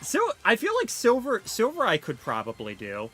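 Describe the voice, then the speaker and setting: A woman's voice: huge pitch swings, moderate pace, a bit bright, faint music behind. Chatty young woman streamer. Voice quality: fairly deep for a woman. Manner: chatty, self-deprecating, many fillers. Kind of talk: casual live-stream chat.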